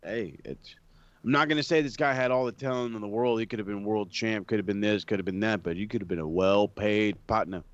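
A man's voice: fairly low pitch, fairly quick, no echo. A man co-hosting a casual wrestling podcast, laid-back and swearing casually. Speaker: podcast co-host. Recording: dull, dry sound.

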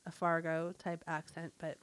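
A woman's voice: low-pitched, completely flat delivery, normal speed. A woman co-hosting a podcast in casual chat, talking in a loose, thinking-aloud way. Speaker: podcast co-host.

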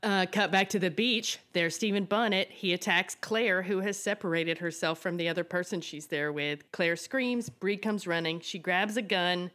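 A woman co-hosting a podcast, recapping a story in a brisk, casual way. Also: lowish voice, fairly bright tone. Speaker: podcast co-host. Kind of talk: casual chat, recapping episodes.

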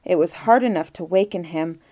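A woman reading a Christmas storybook aloud in a gentle, measured narration. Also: on the low side.

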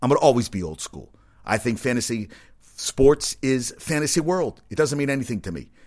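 A man's voice: medium pitch, sing-song, fairly quick, darkish tone. A man hosting a casual sports talk show, ranting bluntly and sarcastically with plenty of profanity.

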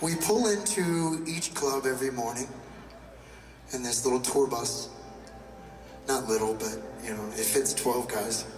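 A man's voice: medium pitch, unhurried, long pauses. A man telling a personal story on stage as a motivational speaker, candid and confessional, now and then swearing. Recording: echoey hall from far off with loud music.

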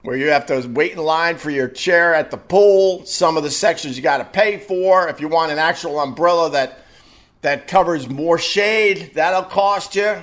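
A man telling a casual anecdote in an exasperated, swearing rant full of quick restarts. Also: fairly high pitch, fairly bright tone. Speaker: storyteller.

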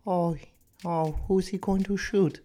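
Man putting on a cooing high-voiced TV painter. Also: a little slow. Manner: gentle, cooing, mock accent. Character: soft-spoken male TV painter, dictator parody.

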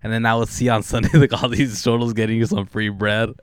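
A man's voice: on the low side, level tone, a little fast, clear, resonant tone, dry recording. A young man co-hosting a casual chat, joking and chiming in, sometimes slipping into Spanish words. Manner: joking, chimes in, slips into Spanish. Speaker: podcast co-host.

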